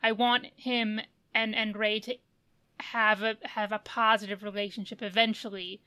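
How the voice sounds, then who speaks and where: A woman's voice: medium pitch, flat delivery, normal speed, pushed and bright, clear, resonant tone. A woman co-hosting a podcast in casual chat, thoughtful, often restarting and hedging her points. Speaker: podcast co-host.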